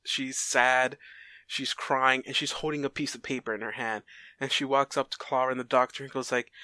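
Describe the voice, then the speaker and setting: A man's voice: mid-range voice, level tone, normal speed, pushed and bright, no echo. A man casually retelling a made-up story plot, rambling with fillers and restarts and briefly voicing the characters in quotes.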